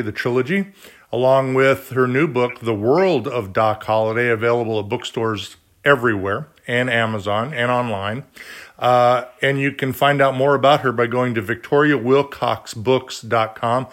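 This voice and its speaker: A male interview host who talks casually and rambles a little. He stops and restarts his sentences and fills the gaps with ums. His pitch is in the normal middle range. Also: a bit bright. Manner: rambling, chatty, full of fillers.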